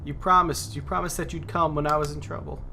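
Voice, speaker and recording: A man voicing a grieving, fierce young woman fighter, pushing his voice up high and pleading. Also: steady tone, fast talker, pushed and bright, a little hiss or hum. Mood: reproachful.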